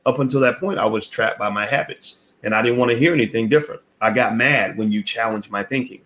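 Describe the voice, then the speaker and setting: A man's voice: mid-range voice, fast talker, a bit bright. A man giving a blunt, profane opinion rant as a finance commentator, repeating himself and daring the listener to prove him wrong. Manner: repetitive, rhetorical, challenges the listener. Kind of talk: direct-to-camera opinion rant.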